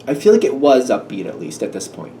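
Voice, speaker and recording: Brisk and warm, with a mid-range voice whose pitch swoops wildly, a man works through a chill tarot reading. He hesitates and muses, often restarting or saying um, while a slightly distant mic catches faint background hum.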